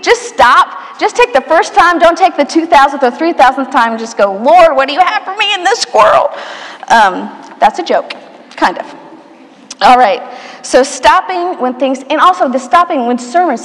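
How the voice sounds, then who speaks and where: A woman preaching a sermon in a church, telling stories with playful asides and dropping to a soft hush at quiet moments. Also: sits high. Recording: church hall reverb.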